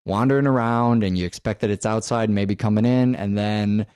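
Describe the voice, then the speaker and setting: A man's voice: lowish voice, fairly even intonation, normal speed, a little mellow, clean tone, no room sound, studio quality. A man co-hosting a podcast, chatting casually about horror films and thinking aloud with many fillers. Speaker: podcast co-host. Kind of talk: casual film discussion.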